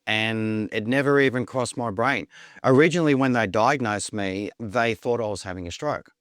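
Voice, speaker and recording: A man's voice: lowish voice, moderate pace, a bit bright, no room sound, clean studio sound. A man telling his own story in casual talk, rambling, repeating words and acting out the lines of others. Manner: rambling, repeats words, acts out quoted dialogue. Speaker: podcast guest.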